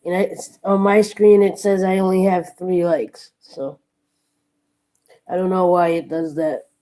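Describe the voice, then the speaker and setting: A woman's voice: on the low side, steady tone, measured pace, warm tone, poor audio. A tired woman chatting casually with her live-stream viewers from her workplace, yawning and thanking them one by one.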